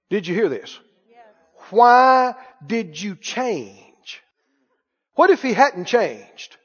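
A man preaching a sermon, emphatic, repeating key phrases, with quick asides and laughs. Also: very high voice. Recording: muffled reverberant hall recording.

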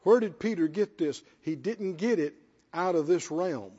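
A man with a very high voice preaches in a lively, swooping delivery. He repeats himself for emphasis in a plain, folksy way. The sound is dull and lo-fi, with a long hall echo. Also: unhurried, breathy edge. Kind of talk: sermon.

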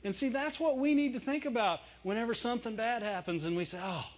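A male pastor with a high voice preaches conversationally, chuckling and tossing out quick rhetorical questions that he goes on to answer. The recording is dull and lo-fi.

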